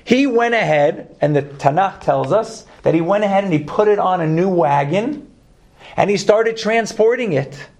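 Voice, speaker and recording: A man with a Brooklyn accent teaching a Torah class, lively, joking and putting questions to his students. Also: high voice, moderate pace.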